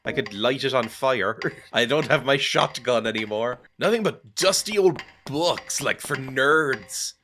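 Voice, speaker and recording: A man's voice: medium pitch, expressive, a little slow, hardly any pauses, a bit bright, slight background noise. A man giving casual, sarcastic commentary while playing a video game, joking and laughing often. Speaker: let's play gamer.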